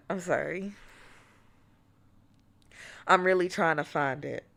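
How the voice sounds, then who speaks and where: Woman streamer, lowish gravelly voice, loose and laughing, mock-annoyed commentary. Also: extremely slow, long pauses, a bit bright. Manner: laughs often, playfully exasperated, dips to whispers. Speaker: streamer hosting a watch-along.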